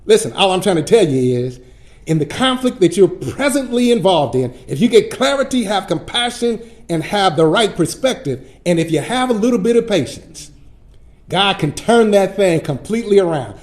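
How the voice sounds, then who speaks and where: Animated high-voiced storytelling pastor. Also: male voice, moderate pace. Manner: animated, folksy preacher who acts out his stories. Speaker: pastor teaching Sunday school. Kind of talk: storytelling sermon-style lesson.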